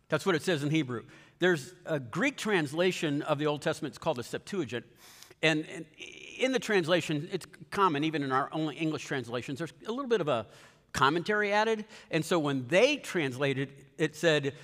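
A man preaching a sermon, his voice sitting a little high for a man. He tells the story with energy, jumping up and down in pitch and speeding up or slowing down as he acts out each character. A long reverb trails behind his words in a large church hall. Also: a bit bright. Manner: storytelling, acting out characters' lines with shifting pitch and pace. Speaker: pastor.

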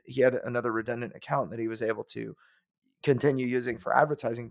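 A man co-hosting a podcast in casual chat, rambling a little with restarts and fillers. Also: medium pitch. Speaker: podcast co-host.

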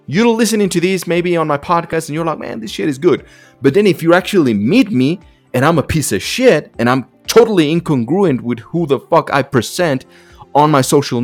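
A man hosting a podcast alone, talking bluntly and emphatically in a casual monologue, full of profanity and repetition, with faint music behind him. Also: mid-range voice. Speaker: podcast host.

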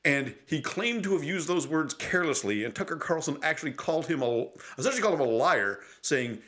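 Male podcast co-host, casual political talk, angry and profane, mid-pitched voice. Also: expressive, fairly quick, fairly bright tone. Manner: heated, profane, ranting.

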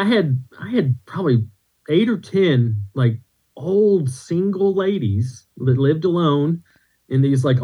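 Husky-voiced guy rambling through stories on a podcast, kinda muffled sound. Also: mid-range voice. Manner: rambling anecdotes with restarts and laughs. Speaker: podcast guest, comedian. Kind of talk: casual storytelling chat.

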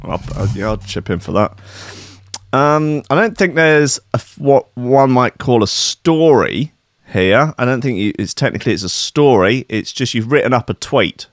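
Male podcast host, sweary and sardonic, with lively pitch swings and a dry sound. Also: normal speed, dry recording. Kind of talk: comic rant about the news.

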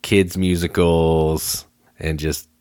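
A man co-hosting a casual podcast in a very deep voice, recorded close and dry with no room sound. He speaks in a laid-back way and teases his co-host. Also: level tone, takes it slowly, a little mellow, smooth, no echo. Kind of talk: casual chat.

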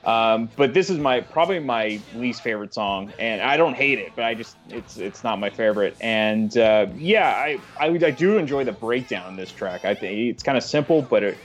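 A man's voice: mid-range voice, animated, moderate pace, few pauses, faint music behind. Hesitant man reviewing an album. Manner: hesitant, with frequent uhs and restarts. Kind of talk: casual chat and album review.

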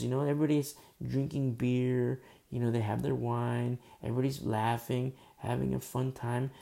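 Gravelly, mellow-voiced man preaching casually. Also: medium pitch. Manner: informal, many fillers, drops to soft murmurs. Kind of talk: conversational sermon.

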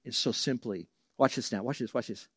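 A man preaching a sermon as a Bible teacher, telling homely stories and leaping up in pitch and volume for the voices he quotes, then dropping soft for the verses. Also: brisk, husky, no echo, studio quality. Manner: lively storyteller who jumps high and loud for quoted voices; drops soft and low for reverent verses.

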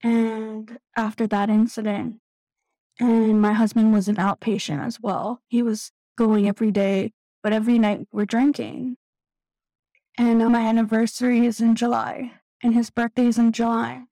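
A woman's voice: on the high side, level tone, warm tone, no room sound, poor audio. Candid woman telling a painful story. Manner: candid, halting, tearful at times. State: close to tears. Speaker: guest sharing recovery story. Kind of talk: emotional personal testimony.

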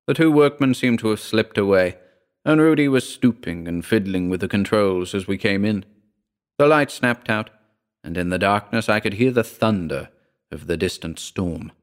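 A man reading a first-person story aloud in a wry, measured way. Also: on the low side, animated. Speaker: narrator.

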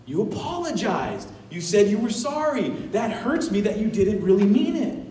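A man preaching as pastor in a conversational, animated way, with casual asides and laughter. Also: high voice, moderate pace, roomy sound, distant mic, slight background noise, rough recording. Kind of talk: sermon. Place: church sanctuary.

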